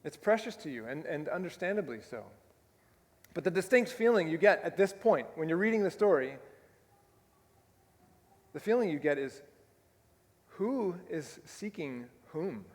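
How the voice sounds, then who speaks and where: A man's voice: fairly high pitch, lively intonation, moderate pace, pauses often, in a large hall. A male pastor preaching a sermon in a conversational way, often tossing in rhetorical tag questions. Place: church sanctuary.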